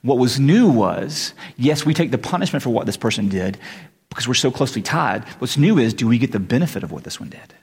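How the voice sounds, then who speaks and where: A man preaching in a loose, conversational way, slipping into quick voices for the people in his stories. His voice is gravelly and a little husky, and a long reverb from a large hall trails behind every phrase. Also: mid-range voice. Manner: conversational, animated, acts out voices. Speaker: pastor. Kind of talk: casual sermon.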